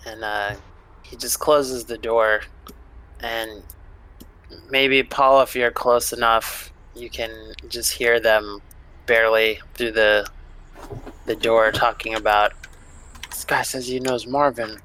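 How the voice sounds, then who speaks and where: Man, game master, bright tone, casual narration, lots of fillers. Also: lowish voice, little pitch movement, takes it slowly, pauses often, clear, resonant tone, poor audio. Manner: casual, loose, with many fillers.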